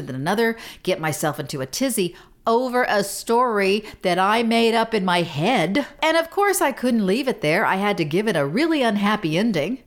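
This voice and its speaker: A middle-aged woman hosting a podcast, telling a story in a casual, animated, self-deprecating way with frequent laughs. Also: medium pitch. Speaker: podcast host.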